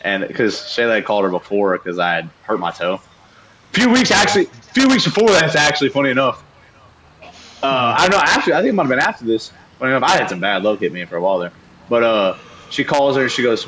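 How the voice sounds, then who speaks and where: A young man streaming a game, telling a story in a casual, animated rant full of slang and cursing. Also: medium pitch, fairly quick, a little hiss or hum, low-quality recording. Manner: animated, profane, slangy ranting. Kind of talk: casual storytelling while gaming.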